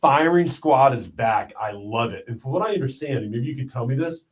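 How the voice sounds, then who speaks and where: A man's voice: mid-range voice, animated, brisk, low-quality recording. A man hosting a livestream, giving blunt, emphatic commentary on the news and often checking in with "all right?". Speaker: livestream host.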